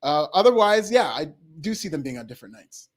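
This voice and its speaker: A man's voice: on the high side, big pitch swings, a little fast. A man co-hosting a wrestling podcast in casual chat, enthusiastic and laughing often. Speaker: podcast co-host.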